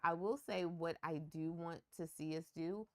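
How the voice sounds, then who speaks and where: A woman co-hosting a relationship podcast, talking in a relaxed, conversational way with wry asides. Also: on the low side, normal speed. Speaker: podcast co-host. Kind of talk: casual relationship chat.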